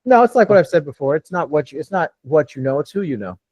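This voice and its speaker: A man's voice: fairly high pitch, big pitch swings, fast, a little mellow, no echo, poor audio. A man hosting a live Q&A call and coaching real estate wholesalers, blunt and casual, swearing freely.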